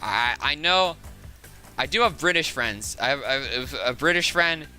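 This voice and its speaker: A man's voice: mid-range voice, animated, unhurried, bright, forceful tone, soft background music. A young man from the Southern United States with a Southern accent, chatting casually and rambling during a live game stream. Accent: Southern American. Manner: rambling, chatty, laughs often.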